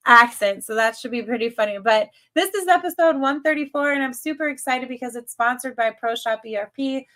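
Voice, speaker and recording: A woman's voice: fairly high pitch, fairly quick, a bit bright. Nasal-sounding Midwestern woman host. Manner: upbeat, chatty. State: nasal from a cold. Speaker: podcast host. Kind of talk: casual interview chat.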